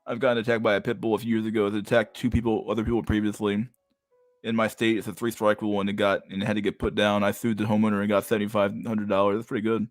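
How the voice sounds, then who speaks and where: A man's voice: on the low side, flat delivery, very fast, no echo, studio quality, faint music behind. A young man hosting a casual livestream, talking in a crude, profane way while reacting to chat. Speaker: livestream host.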